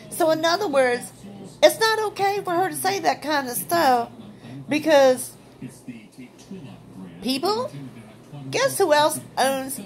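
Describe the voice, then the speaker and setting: A woman with a high voice vents to her viewers. She is blunt and heated and swears freely, in a casual opinion rant. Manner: blunt, profane, fired-up. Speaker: vlogger.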